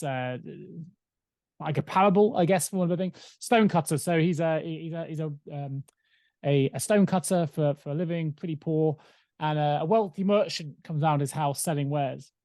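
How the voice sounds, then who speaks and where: Male podcast co-host, animated storyteller; mellow tone, dry recording. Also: on the high side, a little fast, no room sound. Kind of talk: casual chat and storytelling.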